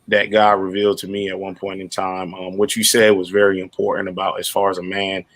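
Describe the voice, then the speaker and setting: A man joining a panel discussion, speaking in a measured, hesitant way with many ums. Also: low voice, completely flat delivery, a bit bright, a little hiss or hum. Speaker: panel guest.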